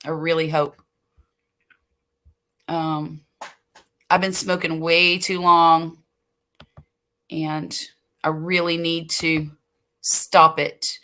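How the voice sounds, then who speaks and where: Older woman, from the US Gulf Coast, late-night livestream host, slow rambling chat, bright tone, laughs easily. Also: deep voice, little pitch movement. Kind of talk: casual chat reading viewer comments. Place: home at night.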